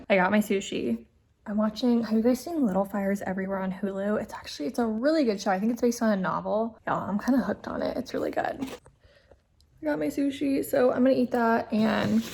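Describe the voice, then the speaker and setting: A woman's voice: a little high, a little fast, vocal fry, a little mellow, a little hiss or hum. A young woman talking casually in a home vlog, chatty and venting with lots of fillers, emotional and close to tears. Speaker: vlogger.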